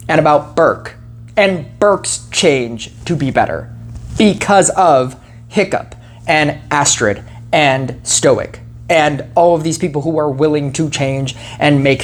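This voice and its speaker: Female film reviewer, slightly low voice, casual and rambling, filler-heavy. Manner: rambling, heavy on "like" and "you know", self-correcting.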